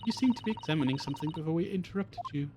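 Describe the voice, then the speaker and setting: A man voicing an earnest, eager young male law student, reading quick questions in a raised voice over game music. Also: a little high, expressive, noisy background, pitched above the performer's own voice, natural voice.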